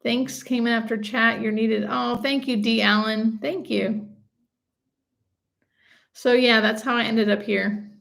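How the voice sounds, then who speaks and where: A woman's voice: fairly high pitch, fairly even intonation, unhurried, gravelly, long pauses, fairly bright tone. A woman, a hospice nurse, hosting a casual live stream, chatting and reading out viewer comments.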